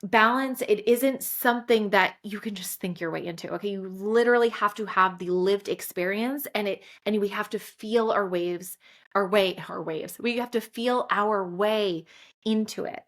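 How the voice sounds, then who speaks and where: A woman's voice: medium pitch, normal speed, a bit bright. Candid woman podcaster. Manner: candid, emotional storytelling with many fillers. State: close to tears at times. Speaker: podcast host. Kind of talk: solo podcast monologue.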